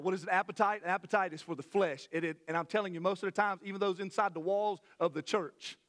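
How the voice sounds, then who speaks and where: A middle-aged man, preaching a sermon to his church in a folksy, animated way with many restarts. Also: high-pitched. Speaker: pastor. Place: church sanctuary.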